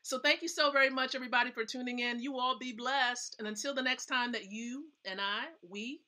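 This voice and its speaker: A woman's voice: on the high side, fairly even intonation, a little fast, bright, forceful tone. A woman hosting a casual live stream, giving chatty, emphatic tips and often checking in with her viewers. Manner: chatty, emphatic, asks the audience questions. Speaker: host.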